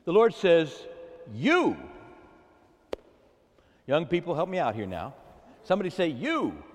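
Male preacher, high, very lively voice, calls out to his congregation, church hall with long reverb. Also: brisk, slight background noise. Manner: animated call-and-response with the congregation. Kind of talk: sermon.

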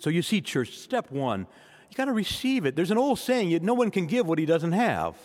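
A male priest delivers a sermon with a lively, swooping delivery, his voice sitting a touch higher than most men's. He talks straight to the congregation, and the sound carries a long reverb from the church. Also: normal speed. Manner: animated preaching, addresses the congregation directly.

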